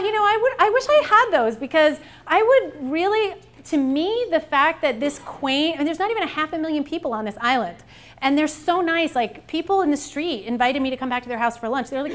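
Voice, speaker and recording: A woman with a high, bright-sounding voice delivers a conference keynote. She tells stories in an animated, joking manner. The delivery is lively and playful. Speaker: keynote speaker. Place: conference hall.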